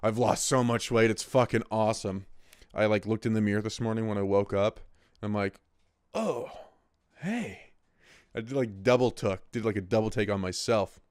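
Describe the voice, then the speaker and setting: A man's voice: on the low side, flat delivery, fairly quick, smooth, dry recording, studio quality. A man in his twenties who hosts the show, talking in a rambling, casual monologue full of swearing and restarts. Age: 20s. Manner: rambling, profane, restarts often. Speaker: host.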